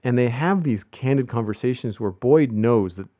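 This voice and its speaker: A man's voice: mid-range voice, animated, normal speed, dry recording. A man chatting on a podcast in a loose, rambling way, with many restarts and fillers. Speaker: podcast host. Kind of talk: casual podcast chat. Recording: muffled lo-fi podcast audio.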